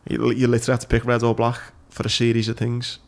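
A man's voice: mid-range voice, monotone, fast talker, vocal fry. A man hosting a podcast in laid-back casual chat, self-deprecating and calling people mate. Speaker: podcast host.

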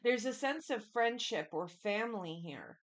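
This tarot reader has a fairly high, expressive voice and speaks a little slowly. Her casual reading is chatty and repetitive, and she addresses the listener directly throughout.

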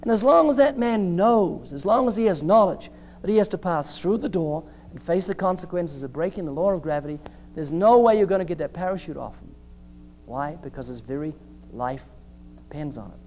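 A man's voice: high-pitched, animated, a little fast, darkish tone, faint music behind. A man preaching a sermon in an emphatic style, acting out short dialogues with changing voices.

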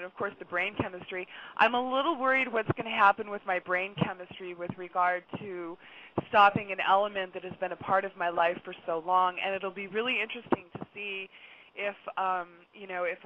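A middle-aged woman, a regular guest on a radio talk show, telling a long story in a chatty, lively way and laughing often. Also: mid-range voice. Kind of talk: casual radio chat. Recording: dull lo-fi sound, faint noise.

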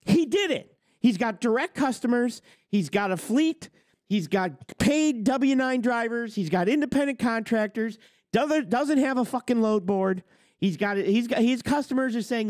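Brief: forties male host, fired-up profane rant, pitch swinging wildly up and down, boastful and blunt, tight dry sound. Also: animated, a little slow, a little mellow, no echo. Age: 40s. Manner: blunt, boastful, swears constantly.

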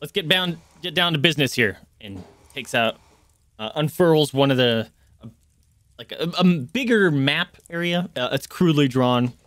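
A man's voice: a little high, lively intonation, moderate pace, fairly bright tone, no echo. Hesitant male game master. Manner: hesitant, full of fillers. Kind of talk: narrating a tabletop game.

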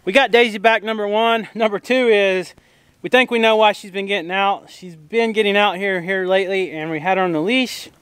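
A man's voice: high-pitched, steady tone, brisk, a bit bright, smooth, dry recording. A man vlogging outdoors on his farm, speaking in a plainspoken way with frequent fillers. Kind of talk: casual vlog talk.

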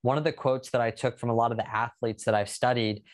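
This podcast interviewer talks fast in a steady, mid-range voice. He keeps the casual conversation upbeat and poses long, rambling questions.

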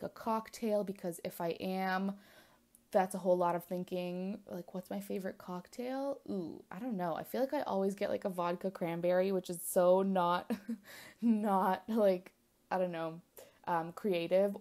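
A woman's voice: lowish voice, mellow. A young woman vlogger answering questions in casual chat, rambling with lots of fillers and small giggles. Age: young adult. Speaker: planner vlogger.

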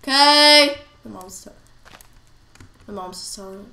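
A woman's voice: mid-range voice, level tone, moderate pace, gravelly. A woman with a cold-stuffed nose giving casual gameplay commentary, chatting to herself as she plays. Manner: chatty, talks to herself while playing. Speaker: gamer. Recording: roomy echo, faint noise.

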